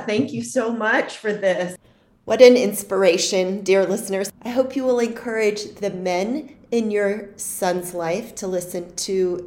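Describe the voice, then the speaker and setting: A woman's voice: mid-range voice, darkish tone. A woman co-hosting a parenting podcast, thanking her guest and addressing listeners encouragingly. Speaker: podcast co-host. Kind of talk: podcast interview and outro.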